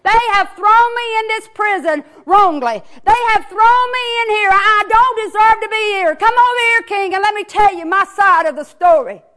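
A woman's voice: very high-pitched, normal speed, few pauses, fairly bright tone, pitched above the performer's own voice. A woman preacher voicing a crowd of male prisoners crying out to a king, pleading over and over. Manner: crying out, repeating pleas.

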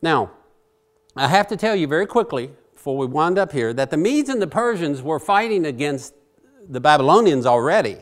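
A man preaching a Bible sermon in a chatty, animated way, swinging between loud and quiet. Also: a little high, moderate pace. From Virginia.

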